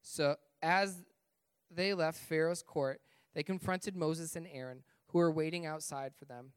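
A man reading a scripture passage aloud at a church service, with steady, measured delivery. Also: a little high, clear, resonant tone, dry recording. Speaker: scripture reader.

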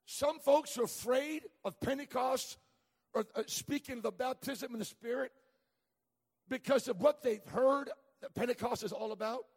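A man's voice: very high-pitched, moderate pace, husky. A middle-aged man preaching a sermon as a traveling evangelist, telling stories with humor and stumbling through frequent restarts. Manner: storytelling with humor, many stammered restarts. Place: church sanctuary. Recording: long church reverb.

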